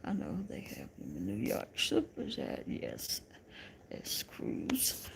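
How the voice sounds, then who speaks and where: Southern woman host, creaky gravelly voice, unhurried, chatty live-chat banter with lots of laughter. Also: very deep voice, huge pitch swings, whispered. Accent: Southern American. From American South. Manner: laughs often, teasing and chatty with viewers. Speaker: livestream host reading viewer comments.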